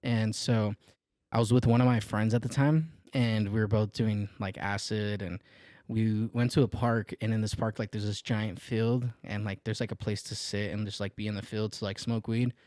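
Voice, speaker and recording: A man's voice: lowish voice, fairly even intonation, normal speed, a little mellow, no echo, clean studio sound. Laid-back young man rambling a story. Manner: laid-back, rambling, heavy use of filler "like". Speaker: podcast co-host. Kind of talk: casual storytelling.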